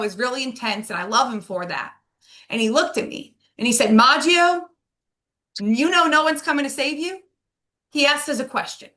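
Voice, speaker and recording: A woman's voice: on the high side, pushed and bright. A woman hosting an interview, chatty and enthusiastic, recapping points with lots of "like"s. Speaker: podcast host.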